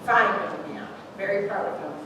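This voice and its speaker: Emotional and heartfelt, a woman in her forties laughs through tears while giving a personal testimony in a church sanctuary. Her mid-range voice keeps a moderate pace, and the sound is noisy, with a distant mic and echoey hall.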